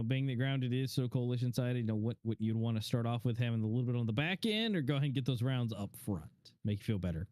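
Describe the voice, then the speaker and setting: A man's voice: mid-range voice, darkish tone, no room sound, clean studio sound. A man doing color commentary on a live esports match, meandering and full of fillers. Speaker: esports co-caster.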